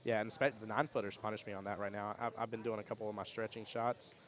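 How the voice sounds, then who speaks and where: Fast-talking man hosting a stream. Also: fairly low pitch, little pitch movement, faint music behind. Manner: fast, rambling storyteller with restarts and laughs. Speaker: stream host of a pool tournament. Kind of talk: casual chat with live chat readouts.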